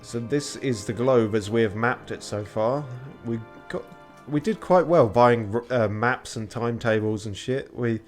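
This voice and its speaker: A man's voice: mid-range voice, measured pace, faint music behind. Tired young man streaming a game. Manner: tired, chatty, swears casually. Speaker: streamer playing a video game. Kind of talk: casual commentary.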